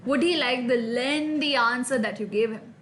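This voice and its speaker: A woman's voice: fairly high pitch, moderate pace, fairly bright tone, slight background noise. A woman coaching viewers on interview communication, talking straight to them in an upbeat way and checking in with "all right?". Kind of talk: direct-to-camera career advice lesson.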